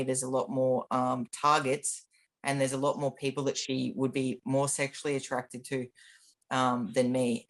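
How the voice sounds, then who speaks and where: A man's voice: mid-range voice, a bit bright. A man, a guest in an interview recounting his own experiences in a candid, matter-of-fact way with frequent ums and restarts. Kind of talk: personal storytelling in an interview.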